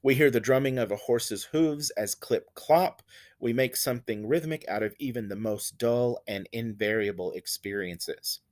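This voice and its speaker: A man's voice: medium pitch, normal speed, a little mellow. A man teaching a lesson on poetry, explaining stress and rhythm patiently and repeating examples with exaggerated emphasis. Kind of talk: recorded lecture on poetry.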